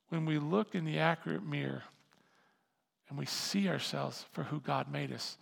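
High-voiced, gravelly preaching man. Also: unhurried. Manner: animated preaching, rising to loud emphasis, with repeated words. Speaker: pastor. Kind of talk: sermon. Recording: reverberant hall sound.

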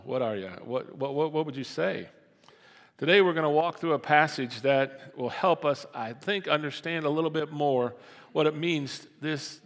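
A man preaching a sermon in a relaxed, conversational way, often repeating words and asking the congregation rhetorical questions. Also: mid-range voice, long reverb tail. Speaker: pastor.

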